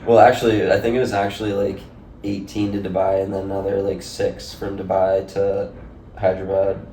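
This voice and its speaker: A young man with a low, gravelly voice spins a rambling, laugh-filled story, leaning on "like" every few words. He sounds set back from the mic in an echoey room, with a faint hiss underneath. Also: little pitch movement, brisk, mellow, far from the mic. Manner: rambling, laughing, heavy use of "like". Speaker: podcast guest. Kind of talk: casual storytelling.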